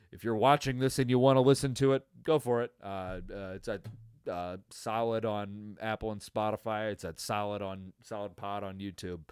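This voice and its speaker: A man's voice: lowish voice, clear, resonant tone, no echo, studio quality. Profane, tired man ranting on sports. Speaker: podcast host. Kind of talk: casual sports rant.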